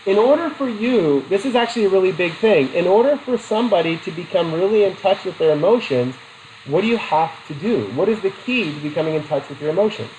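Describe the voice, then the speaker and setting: A man's voice: sits high, lively intonation, quick pace, a little mellow, a little hiss or hum, low-quality recording. A middle-aged man teaching a psychology class in a chatty way, asking the students questions and telling personal stories. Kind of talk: classroom lecture.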